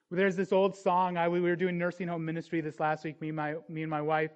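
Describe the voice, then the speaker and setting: A man preaching a sermon, telling stories and acting out the people in them with animated voices. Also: on the high side, highs cut off. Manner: storytelling, animated voices in retold scenes.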